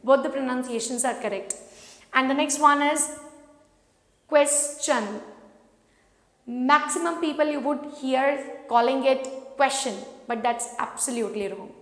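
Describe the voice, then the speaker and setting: This high-pitched, slightly bright female voice moves at a moderate pace as she teaches pronunciation. She repeats every word with patience for learners to copy, part of a slow, drilled lesson recorded in a room with a long, echoing reverb.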